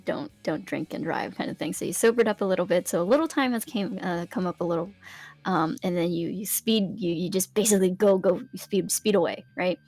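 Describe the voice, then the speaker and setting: A woman's voice: lowish voice, darkish tone, husky. A woman guest telling a long, rambling story in casual conversation, with frequent restarts and giggles. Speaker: interview guest.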